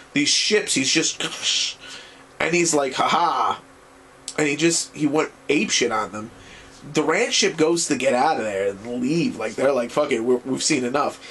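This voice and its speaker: A man recapping an anime series in a casual video review, rambling and excitable and swearing freely. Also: a little high, unhurried, a little hiss or hum.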